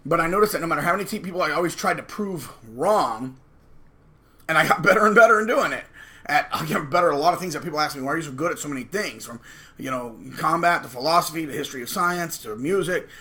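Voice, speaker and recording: Here a man runs his channel with an informal to-camera monologue that's combative, preachy and emphatic. His pitch sits fairly high, his delivery is animated and fast, and his tone is sharp.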